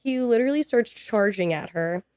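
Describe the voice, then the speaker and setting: This American woman in her twenties is a podcast guest recounting a personal story, animatedly acting out what people said to her. Her voice sits on the high side and runs at normal speed, captured in studio quality without echo.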